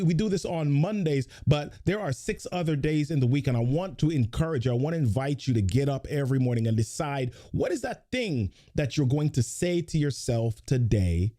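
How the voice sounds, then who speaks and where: Upbeat motivational man, mellow voice. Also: fairly high pitch, a little fast, few pauses. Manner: energetic, greets viewers by name, repeats affirmations. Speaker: host of a motivational live show. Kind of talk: motivational live-stream talk.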